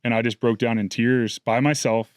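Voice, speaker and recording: A man's voice: mid-range voice, steady tone, moderate pace, no echo, clean studio sound. Earnest man telling his story. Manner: earnest, reflective, emotional retelling. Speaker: interview guest. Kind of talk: candid storytelling.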